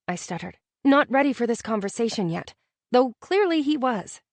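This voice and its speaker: A woman narrating a romance audiobook in the first person, expressive and intimate in her storytelling. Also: medium pitch, normal speed, no echo.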